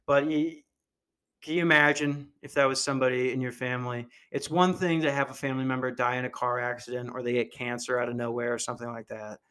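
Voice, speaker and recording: A young adult man hosting a podcast, delivering a dark comedy monologue in a dry, deadpan way. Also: mid-range voice, fast talker, smooth. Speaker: podcast host.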